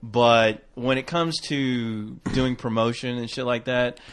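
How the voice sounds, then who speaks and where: A man co-hosting a podcast in casual chat, hesitant, with many restarts, trailing off softly. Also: medium pitch, steady tone, slow, smooth. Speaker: podcast co-host.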